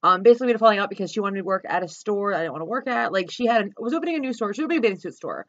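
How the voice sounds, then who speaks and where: A woman's voice: mid-range voice, lively intonation, rapid-fire, highs cut off. A woman from South Jersey ranting profanely and bluntly in a vlog, talking from her car. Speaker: vlogger. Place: car with dogs.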